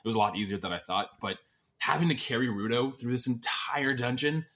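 A podcast co-host rambles through casual conversation, leaning heavily on fillers and sounding exasperated. His mid-range voice is fairly bright and moves a little fast.

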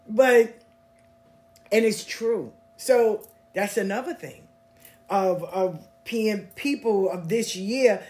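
Blunt lady talking straight to her podcast listeners, lively storytelling, cusses freely. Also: medium pitch, slow pace. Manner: blunt, animated, swears freely. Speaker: podcast host. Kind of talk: casual storytelling monologue.

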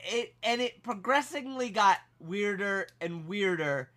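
A man co-hosting a podcast, telling a story in a casual, animated, self-mocking way. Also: high-pitched, measured pace. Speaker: podcast co-host.

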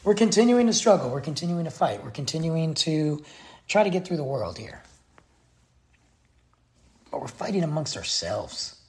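A man's voice: a little high, expressive, a little slow, pauses often. A man giving a blunt, exasperated opinion rant straight to his viewers. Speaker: vlogger. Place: Texas.

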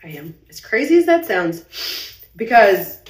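A woman's voice: medium pitch, very animated, a little slow. Young woman rambling on a late night live stream, anxious, trying not to cry, roomy echo, a bit far from the mic. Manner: rambling, confessional, fighting back tears. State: anxious, heart racing. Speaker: business owner livestreaming. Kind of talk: emotional late-night live video monologue.

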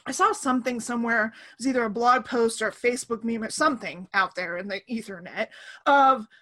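A woman in her thirties hosting a casual conversation over a remote call, animated and acting out the voices she quotes. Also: fairly high pitch, brisk.

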